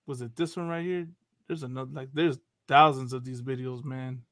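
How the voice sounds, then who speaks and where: A man's voice: mid-range voice, fairly even intonation, moderate pace, fairly bright tone, dry recording, clean studio sound. A man hosting a casual religious talk show, loose and chatty, often laughing and asking "you know what I mean". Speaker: radio show host.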